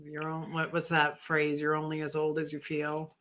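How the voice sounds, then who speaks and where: Tired fifty-something woman co-hosting a live stream, bright voice, rambles and laughs a lot. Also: low voice, monotone, normal speed. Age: 50s. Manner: rambling, chatty, laughs easily. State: tired, yawning. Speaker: co-host. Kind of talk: casual live Q&A chat.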